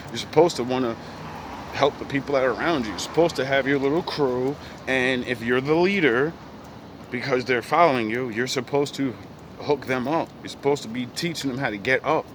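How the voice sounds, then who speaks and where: A man's voice: medium pitch, a bit bright, slight background noise. A man talking in a casual, reflective monologue, rambling and full of profane street slang. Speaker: vlogger.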